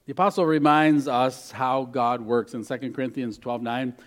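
A man preaching a sermon as a pastor, mostly soft and intimate, with lively bursts. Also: mid-range voice, normal speed, hardly any pauses.

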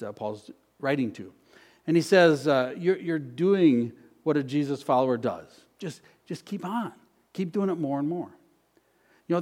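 A man's voice: on the high side, darkish tone. A middle-aged man preaching a sermon as pastor, earnest, repeating key phrases and inviting the congregation to say them back.

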